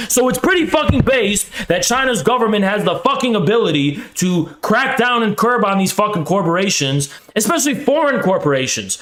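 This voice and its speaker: A man's voice: high-pitched, fairly bright tone, reverberant. A young man hosting a political livestream, ranting heatedly with lots of profanity and sarcastic mockery.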